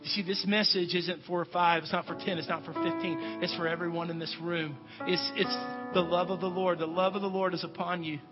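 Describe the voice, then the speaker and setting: Pastor, male, high voice, whispers softly then preaches loud; dull sound, long echo of the church, quiet music under. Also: level tone, fairly quick. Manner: drops to soft whispers for quoted words, rises to loud emphatic preaching. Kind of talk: sermon. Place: church sanctuary.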